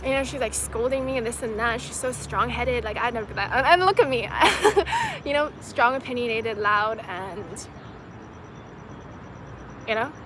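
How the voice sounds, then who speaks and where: A woman's voice: fairly high pitch, normal speed, noisy background. A young woman from China hosting a casual livestream outdoors, chatting loosely with lots of "like" and "you know" and laughing often. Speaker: livestream host answering viewer comments. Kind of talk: casual chat.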